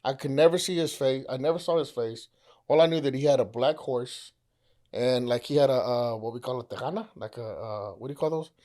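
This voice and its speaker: A man's voice: mid-range voice, fairly quick, mellow. A man on a podcast, casually telling a ghost story, rambling, swearing and acting out the people in it. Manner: rambling, acts out quoted voices, swears, laughs often.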